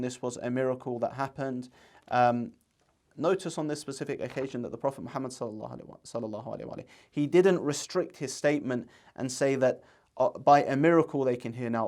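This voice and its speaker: A man's voice: medium pitch, darkish tone. A man presenting religious commentary in an earnest, argumentative way, reading out scripture and reciting Arabic quotations.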